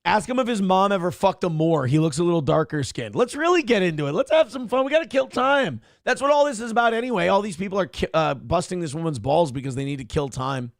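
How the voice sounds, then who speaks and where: A man's voice: high-pitched, expressive, quick pace, hardly any pauses, dry recording, studio quality. A man hosting a morning show, ranting sarcastically and swearing heavily as he comments on a viral video.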